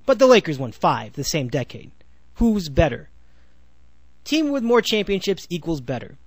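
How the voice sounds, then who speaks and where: Man, 20s, podcast host, rambling monologue, sarcastic asides, slightly high voice. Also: sing-song, moderate pace, dry recording. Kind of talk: solo sports podcast monologue.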